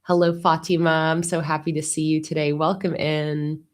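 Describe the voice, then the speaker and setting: A woman's voice: sits low, level tone, moderate pace. A woman hosting a casual livestream from her desk, greeting viewers by name in an upbeat, chatty way. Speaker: livestream host.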